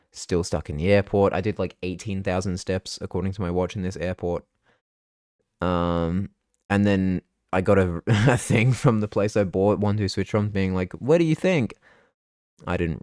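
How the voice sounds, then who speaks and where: A man's voice: low-pitched, a little mellow, smooth, dry recording, clean studio sound. A young man, chatting casually and rambling through a vlog recap of his trip. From Australia. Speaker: vlogger.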